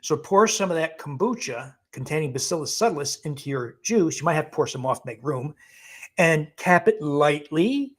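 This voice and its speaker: During a live Q&A, a man who is a guest physician answers viewers' questions in a brisk, emphatic way. He chuckles frequently and brushes off bad advice bluntly. His voice runs a little high and is expressive.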